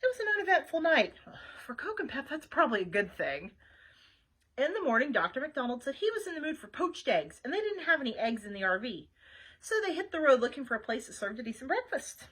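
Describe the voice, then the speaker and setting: A woman's voice: sits high, big pitch swings, a little fast, a bit bright, breathy edge, low-quality recording. A woman librarian reading a children's book aloud with chatty asides to young listeners.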